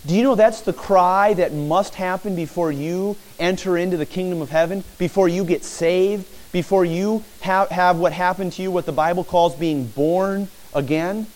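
A man preaching a sermon in a church, animated and acting out pleading cries. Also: high voice, moderate pace, few pauses, rough recording.

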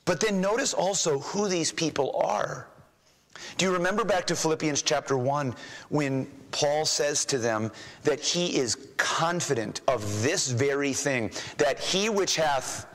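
A man preaching a sermon as a pastor, emphatic, rising in pitch and volume when he reads scripture aloud. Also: fairly bright tone, long reverb tail, rough recording.

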